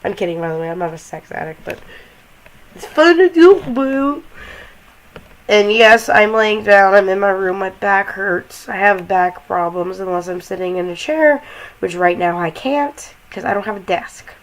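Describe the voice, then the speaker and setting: A woman's voice: medium pitch, normal speed, fairly bright tone, poor audio. A young woman chatting casually and swearing freely as she walks through a game, talking from her bedroom while lying down. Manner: rambling, swearing, jokey. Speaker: gaming vlogger.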